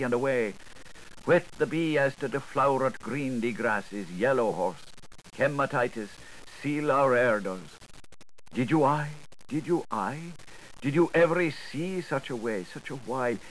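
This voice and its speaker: Man giving a lively, sing-song literary reading. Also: mid-range voice, rough recording. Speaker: reader.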